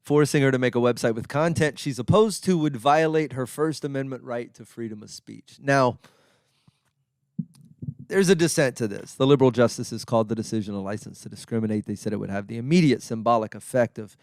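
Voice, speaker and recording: A man's voice: mid-range voice, fairly quick, darkish tone, dry recording, studio quality. A man hosting his own podcast, talking in a casual, rambling monologue with wry, self-deprecating asides. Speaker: podcast host.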